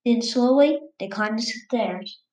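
A woman's voice: a little high, slow, a little mellow, echoey room, poor audio. A woman reading a scary story aloud in a casual, stumbling way, restarting words as she goes.

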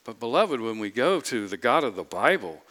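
A man's voice: mid-range voice, sing-song, moderate pace, fairly bright tone. A man preaching a sermon, emphatic, repeating phrases and asking the congregation rhetorical questions. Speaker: pastor.

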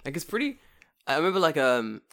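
A man's voice: on the high side, very animated, quick pace, a bit bright. Brief: young male host, loose banter, swears freely, always joking. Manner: profane, joking, laughs often. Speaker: podcast host. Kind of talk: casual chat.

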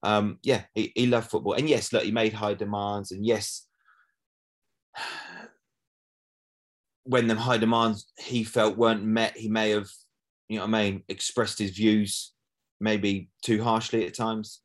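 A man's voice: lowish voice, flat delivery, a little slow, pauses often. A middle-aged man, a former footballer, chatting casually as a guest and often asking "do you know what I mean". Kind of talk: casual interview chat.

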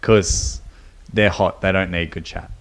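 A man's voice: low-pitched, steady tone, unhurried. A young man, co-hosting a podcast in casual banter, telling stories and swearing freely. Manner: joking, storytelling, swears freely. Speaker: podcast co-host.

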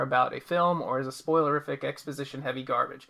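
Male podcast host, casual and excitable, with a gravelly edge and a bright, forward tone. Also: fairly high pitch, a little fast, few pauses. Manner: animated, laughs often, stumbles and restarts. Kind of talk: casual chat.

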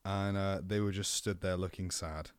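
A man's voice: sits low, steady tone, normal speed, clear, resonant tone, dry recording. Male co-host, playful banter, tangents, swears freely, dry booth sound. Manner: playful, teasing, swears a lot, goes off on tangents. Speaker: podcast co-host. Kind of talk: casual chat.

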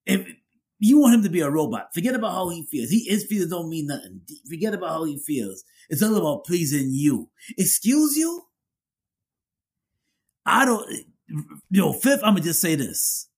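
Man, husky voice, lively swinging pitch, emphatic casual commentary, repeats phrases. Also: fairly quick.

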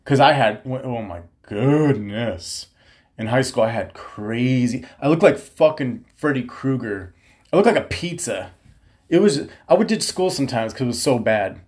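Podcast host, male, 30s, mid-pitched, loose profane storyteller. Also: a little slow. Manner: profane, animated, slangy storytelling. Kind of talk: casual storytelling monologue.

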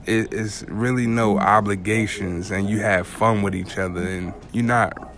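A man in casual chat giving blunt, relaxed opinions. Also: on the low side, unhurried.

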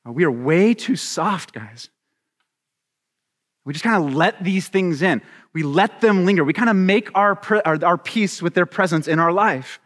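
A man preaching a sermon as a pastor, animated and acting out little scenes with voices. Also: sits high, normal speed, long reverb tail.

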